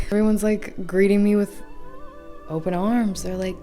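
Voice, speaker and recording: A woman's voice: mid-range voice, level tone, a little slow, mellow, faint music behind. A young woman talking casually at home in a vlog, chatty and laughing often, full of "like" fillers. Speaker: vlogger. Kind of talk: casual reflective monologue.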